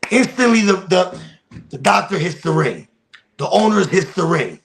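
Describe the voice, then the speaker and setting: Here a wrestling promotion's podcast guest uses a high-pitched, gravelly voice with big pitch swings at a moderate pace. He tells a dramatic personal story, leaning on emphasis and repetition, over a rough recording.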